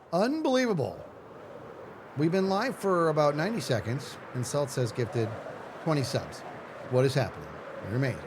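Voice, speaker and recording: A man's voice: a little high, background noise. A man streaming live, chatting casually with his viewers in a playful, self-mocking way. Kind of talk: casual livestream chat.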